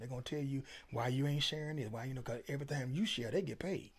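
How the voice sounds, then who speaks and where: A man's voice: mid-range voice, racing, hardly any pauses, slight background noise. A middle-aged man, a featured interview guest, telling stories in a casual, emphatic, preachy way. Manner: preachy, emphatic, Southern Black vernacular.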